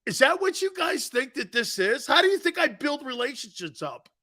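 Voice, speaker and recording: Brash, high, lively male sports radio host. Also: moderate pace. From United States. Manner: brash, mocking, animated, talks back to listeners. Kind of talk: sports talk radio monologue.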